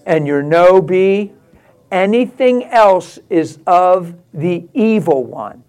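A man preaching a sermon, rising to passionate, laughing exclamations and dropping to a hushed prayerful tone. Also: high-pitched, animated, takes it slowly, smooth. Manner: drops to a hushed prayerful tone near the end.

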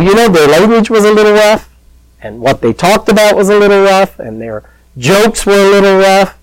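A man's voice: fairly high pitch, no room sound, rough recording. Chatty male preacher, dry sound. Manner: chatty, storytelling, plain-spoken. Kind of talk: conversational sermon.

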